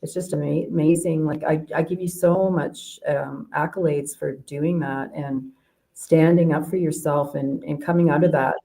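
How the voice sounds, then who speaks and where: A woman's voice: low-pitched, fairly even intonation, normal speed, creaky, dark tone, rough recording. A woman from Canada, a life coach, chatting as a guest in a casual interview, rambling with many fillers and restarts.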